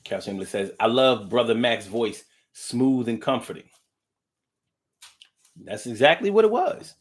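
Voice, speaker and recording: Unhurried and expressive, this livestream host has a medium-pitched voice. He reads out viewer comments and muses loosely, humming, restarting, and swearing now and then in a blunt, casually profane manner.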